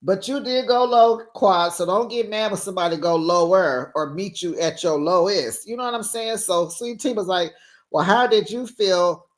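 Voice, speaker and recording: A woman's voice: mid-range voice, moderate pace. Sassy, gossipy woman recapping reality TV. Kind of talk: casual chatty recap commentary.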